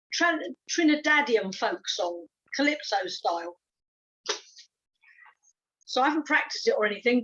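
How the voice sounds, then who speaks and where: A woman's voice: high voice, a bit bright, husky. Laughing woman on dull lo-fi video call audio. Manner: chatty, self-deprecating, laughs easily. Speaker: club member performing a song. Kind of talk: casual chat on a video call.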